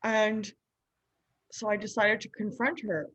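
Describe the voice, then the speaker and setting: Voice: medium pitch, flat delivery, a little slow, fairly bright tone, no echo, rough recording. A performer playing a naive young husband who rambles in an improvised comedy bit, padding every phrase with "like". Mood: earnest. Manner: rambling, full of "like", mimics others' voices. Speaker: recurring comedy character.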